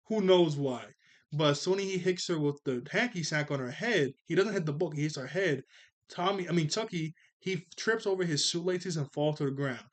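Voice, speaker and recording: A man in his twenties casually reviewing a cartoon episode, rambling and often correcting himself. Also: on the high side. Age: 20s. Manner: rambling, laid-back, self-correcting.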